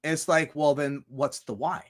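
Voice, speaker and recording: A man's voice: a little high, fairly even intonation, measured pace. A man rambling through a livestream monologue, swearing a lot and firing off rhetorical questions. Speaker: streamer.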